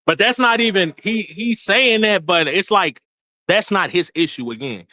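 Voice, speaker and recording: Animated man ranting on a livestream. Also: high voice, moderate pace. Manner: animated, laughing, swearing, repeats himself. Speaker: livestream host. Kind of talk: casual livestream rant.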